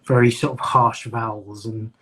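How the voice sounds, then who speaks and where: A man's voice: on the low side, level tone, moderate pace, fairly bright tone, a little hiss or hum. A man from North London with a well-traveled English accent, chatting casually as a podcast host and telling stories with quoted voices. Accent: mixed English, London with Midlands traces. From North London, England. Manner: storytelling, acts out quoted voices. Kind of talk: casual live-stream chat. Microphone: video call.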